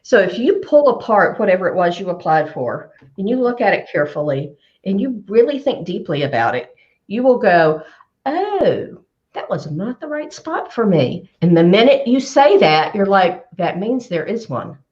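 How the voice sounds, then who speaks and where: A woman career coach giving advice on a live show, emphatic and animated, repeating her key phrases for effect. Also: mid-range voice, normal speed, lo-fi sound.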